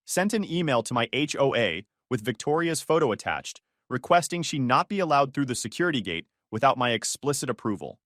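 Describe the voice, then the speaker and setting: A male narrator reads a first-person story in a calm, matter-of-fact manner. His pitch moves a lot, and the sound is close and dry. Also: fairly quick, few pauses, no echo.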